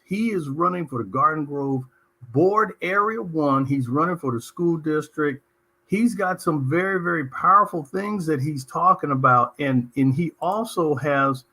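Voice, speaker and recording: A middle-aged man from Southern California who hosts a talk show and tells stories. His voice is husky and forceful, pitched a bit high. He speaks in an animated, emphatic way. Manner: animated and emphatic, telling anecdotes. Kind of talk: conversational interview storytelling.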